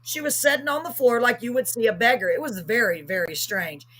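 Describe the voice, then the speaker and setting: A woman's voice: a little high, fairly quick, fairly bright tone, breathy edge. A middle-aged woman, telling a story on a live talk show with emphatic, acted-out quotes. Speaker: host.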